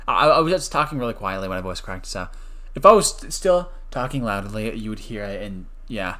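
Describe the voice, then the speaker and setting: Lively young man streaming a game. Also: lowish voice, a little fast. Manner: joking, swings between loud outbursts and mumbled asides. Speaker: gaming streamer. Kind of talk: live gameplay commentary.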